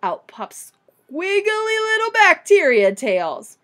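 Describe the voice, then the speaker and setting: A woman's voice: very high voice, very animated, takes it slowly, sharp tone, pitched above the performer's own voice, heavily acted. A woman voicing a fussy male expert in a storybook read-aloud, drawing out her words.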